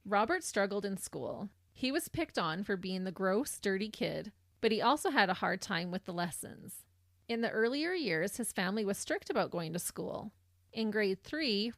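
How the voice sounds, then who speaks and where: A woman co-hosts a true crime podcast and reads through the case in a steady, measured way, stopping to chat with her co-host. Her voice sits at a middle pitch. It is recorded close and dry, with no room around it. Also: vocal fry, no room sound. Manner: reads the case in measured narration, with laughs between.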